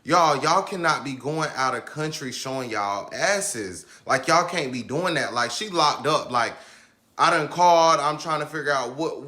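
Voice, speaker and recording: A man's voice: fairly high pitch, animated, unhurried, sharp tone. A man telling a casual story time to viewers in a chatty, slangy way. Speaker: storyteller in a clip.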